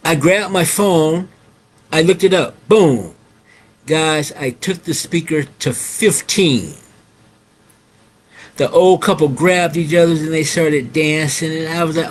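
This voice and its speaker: A man's voice: a little high, unhurried. A middle-aged man hosting a casual storytelling monologue. He repeats his phrases and keeps addressing his listeners as guys. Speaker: host.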